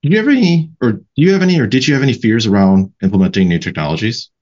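A man hosting a podcast interview, briskly explaining things for listeners and prompting his guest. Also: mid-range voice, lively intonation, a little mellow, muffled recording. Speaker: podcast host. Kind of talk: casual interview chat.

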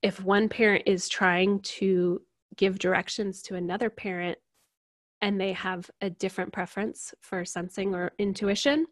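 A woman guest explaining personality types in a casual interview, animated and laughing often as she acts out examples. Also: mid-range voice, normal speed, no room sound, studio quality. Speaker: certified personality type coach, guest.

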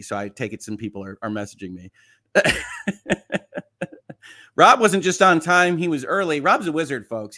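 A man hosting a casual livestream, reading viewer comments aloud and answering them one by one. He sounds reassuring and jokes along the way, at a pitch in the middle of the male range. His loudness swings from soft asides to emphatic lines. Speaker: livestream host.

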